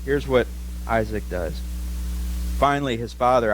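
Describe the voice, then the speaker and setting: A man's voice: fairly high pitch, animated, moderate pace, a little hiss or hum. A male pastor preaching a sermon, telling a story with animation and questions for the congregation.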